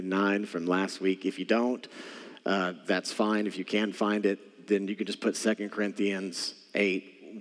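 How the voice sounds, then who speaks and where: A male pastor preaching a sermon, telling a story with animation and speaking straight to his congregation. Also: lowish voice. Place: church sanctuary. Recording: church hall with long reverb.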